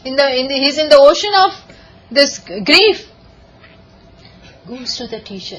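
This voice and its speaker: A woman giving a lively scripture lecture, telling stories and often laughing. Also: high voice, unhurried, pauses often, muffled recording, a little hiss or hum. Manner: animated storytelling, often laughing. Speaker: spiritual teacher.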